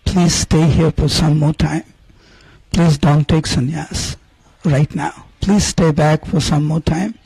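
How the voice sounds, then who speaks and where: A man's voice: fairly high pitch, steady tone, takes it slowly, gravelly, dark tone, husky, no room sound, full character voice, low-quality recording. A man voicing a grieving male devotee who humbly begs his lord to stay. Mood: humble plea.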